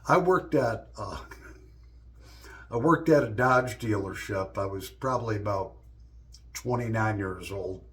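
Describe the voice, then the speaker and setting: A man's voice: fairly low pitch, unhurried, pauses often, a bit bright. Joking, profane middle-aged man telling stories. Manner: loose, profane, joking delivery. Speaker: vlogger. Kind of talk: casual storytelling monologue.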